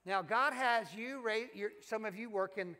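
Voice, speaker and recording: A man's voice: high voice, normal speed, pushed and bright, big-room sound. A man with a Southern US accent preaching a sermon as a pastor, folksy and exhorting, with fillers and restarts. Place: church sanctuary.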